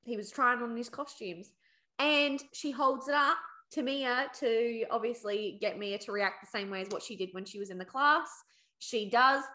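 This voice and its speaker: A woman co-hosting a book podcast, recapping chapters in an animated, sweary, laughing way. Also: fairly high pitch, moderate pace. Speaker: podcast co-host. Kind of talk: casual book chat.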